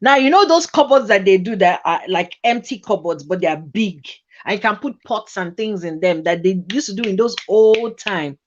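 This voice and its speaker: A woman's voice: mid-range voice, normal speed, few pauses. A woman, hosting a casual chat and telling a personal story with lots of laughter and acted-out voices. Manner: animated, laughs often, acts out voices in her story. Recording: dull lo-fi recording.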